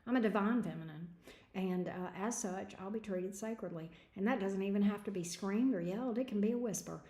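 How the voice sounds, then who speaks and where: A woman reading tarot on a livestream, talking frankly and casually with plenty of slang. Her voice has a medium pitch for a woman. The room around her sounds echoey. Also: fairly quick, dark tone. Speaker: tarot reader.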